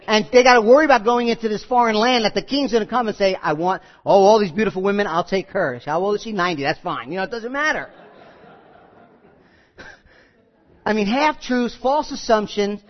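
A man's voice: extremely high pitch, moderate pace. Preacher guy going off on stories and asides, kinda muffled audio, big room echo. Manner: animated storytelling with quoted voices and asides. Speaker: pastor. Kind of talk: sermon. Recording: muffled audio with long hall reverb.

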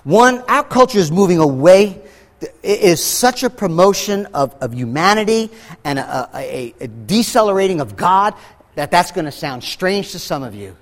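A man preaching a sermon as pastor, slowing down for heavy emphasis and acting out quoted voices. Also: high voice, sing-song, in a large hall. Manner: preaching with dramatic slow emphasis and acted quotes.

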